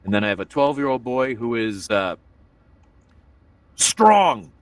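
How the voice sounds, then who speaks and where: A man's voice: medium pitch, a little fast, smooth, dry recording, far from the mic. A man hosting a stand-up comedy show in a virtual reality room, rambling and self-deprecating, with many filler asides.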